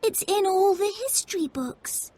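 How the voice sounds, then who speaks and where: A woman voicing a bright, confident young girl, speaking high and excitedly for a storybook reading. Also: unhurried. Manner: high, excited childlike pitch.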